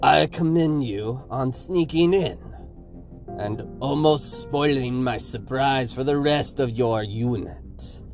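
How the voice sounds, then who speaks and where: A man putting on a slow, gloating villain with a Russian accent. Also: medium pitch, music in the background. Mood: gloating menace. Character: menacing Russian-accented male commander, mocking.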